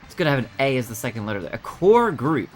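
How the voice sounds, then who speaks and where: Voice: mid-range voice, big pitch swings, fast talker, soft background music. A streamer thinking aloud while solving word puzzles, muttering guesses and laughing often.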